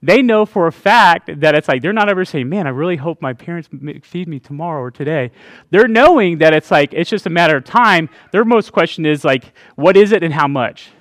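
A man's voice: on the high side, animated, fairly quick, fairly bright tone, dry recording, studio quality. A middle-aged man giving a conversational sermon to a church congregation, chatty, with laughing asides and frequent "right?" checks with the listeners. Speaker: pastor.

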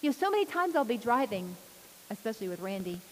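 A woman giving an informal sermon, chatty and lively, laughing often as she talks. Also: on the high side, quick pace. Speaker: preacher. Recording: long hall reverb with faint hiss.

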